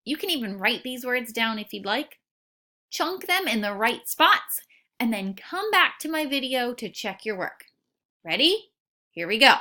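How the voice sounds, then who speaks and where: A woman teacher giving a recorded phonics lesson to young students, slowly sounding out words and syllables. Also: a little high, very animated, sharp tone.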